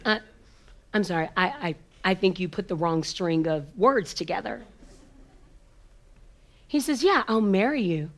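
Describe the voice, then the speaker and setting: A woman speaker telling a personal story with an emphatic, repetitive rhythm and dramatic pauses, sometimes sinking to a hushed near-whisper. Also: on the low side, lively intonation. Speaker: motivational speaker.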